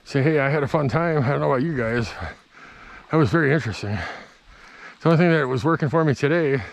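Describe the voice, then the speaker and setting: A man vlogging outdoors by a creek, chatting in a casual, excitable, rambling way. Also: on the high side, quick pace, vocal fry, dry recording. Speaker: fishing vlogger. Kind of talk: casual outdoor vlog chat.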